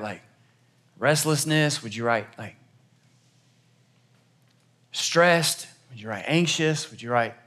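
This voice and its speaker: A young man preaching a sermon in a church, telling a personal story in a conversational, self-deprecating way, moving between hushed, slow stretches and loud, animated bursts. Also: fairly high pitch. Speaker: pastor.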